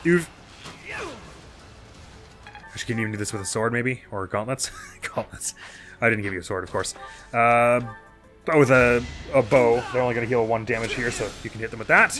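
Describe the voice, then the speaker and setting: A man talks through his strategy game turn by turn, chatty and self-mocking as he works things out aloud. His voice is bright and forceful, with faint game music playing underneath. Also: mid-range voice, brisk, long pauses. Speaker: let's play host. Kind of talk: casual gameplay commentary.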